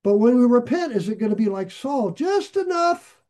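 A man preaching a sermon in an earnest, conversational way, with sarcastic asides and sudden swings between loud emphasis and quiet drops. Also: high-pitched, fairly quick. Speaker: pastor.

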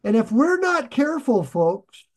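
Man, sermon, high voice, slow deliberate delivery, asks questions of listeners. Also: very animated. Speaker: pastor. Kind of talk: sermon, reading and explaining scripture.

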